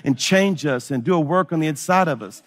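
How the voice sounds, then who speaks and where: Animated preacher in a hall. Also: male voice, a little high, a little fast. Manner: animated storyteller acting out dialogue. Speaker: pastor. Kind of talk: storytelling sermon.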